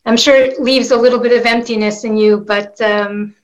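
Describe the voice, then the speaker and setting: A woman's voice: a little high, fairly even intonation, moderate pace, highs cut off. A woman journalist interviewing a guest, heartfelt and full of blessings, using Hebrew phrases. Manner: warm, blessing-giving, uses Hebrew phrases. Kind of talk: interview questions.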